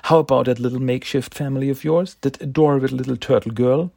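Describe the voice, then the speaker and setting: A man's voice: mid-range voice, steady tone, quick pace, vocal fry, mellow, no room sound, pitched above the performer's own voice. A man reading as a scheming gazelle crime boss. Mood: coaxing menace.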